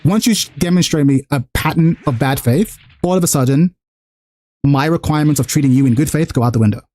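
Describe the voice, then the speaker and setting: A young man hosting a stream, talking fast and animatedly, arguing his point and acting out quotes in casual chat. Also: on the high side, a little mellow. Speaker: streamer host.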